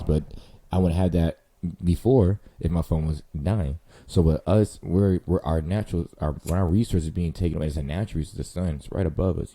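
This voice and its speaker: Low-pitched and warm, this man's voice carries his vlog. He rambles to the camera in a casual monologue, slangy and profane, speaking right to the listener.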